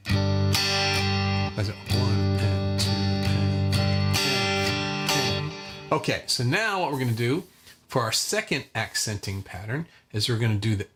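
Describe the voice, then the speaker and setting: A man teaching a live online guitar lesson in a relaxed, chatty way, counting beats aloud as he strums. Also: mid-range voice. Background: acoustic guitar strumming.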